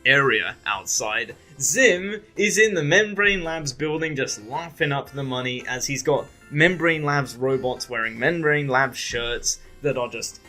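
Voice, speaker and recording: British man, casual reviewer, bright and chatty over faint music. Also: medium pitch, a little slow, hardly any pauses. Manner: rambling, swears casually, recaps scenes with acted quotes. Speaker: podcast co-host, movie reviewer. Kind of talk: casual chat, movie review.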